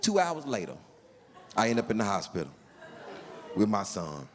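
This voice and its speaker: Animated comedian man telling a story. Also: mid-range voice, brisk, big-room sound, background noise. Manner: animated, acts out other voices in his stories. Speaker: stand-up comedian. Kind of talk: stand-up storytelling.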